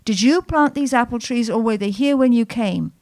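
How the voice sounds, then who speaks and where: A woman's voice: a little high, moderate pace, darkish tone, no echo, natural voice. A woman doing an eager eight-year-old girl.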